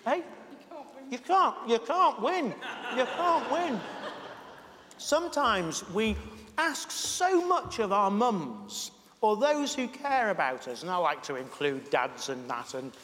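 Chatty, high-voiced male pastor. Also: very animated, takes it slowly, pushed and bright. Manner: chatty, joking, eating while speaking. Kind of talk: informal sermon. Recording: reverberant hall, faint noise.

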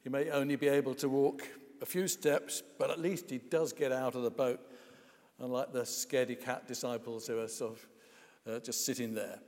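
A man's voice: mid-range voice, fairly even intonation, normal speed, darkish tone, long reverb tail. A man preaching a sermon in a wry, conversational way, with frequent hesitations and asides.

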